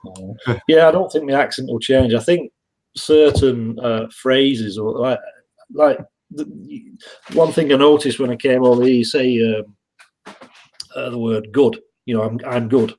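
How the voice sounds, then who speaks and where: Northern english bloke, guest on a live stream, rambly, keeps restarting his sentences, normal pitch. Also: unhurried, a little mellow, low-quality recording. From England. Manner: rambling anecdotes with frequent restarts. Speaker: guest reseller. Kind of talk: casual live-stream interview chat.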